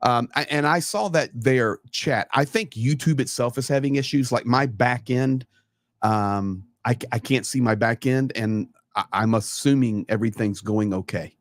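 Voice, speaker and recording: A man's voice: mid-range voice, normal speed, no room sound. Man, live stream talk, earnest, emphatic, repeats words for stress, dry close sound. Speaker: live stream guest commentator.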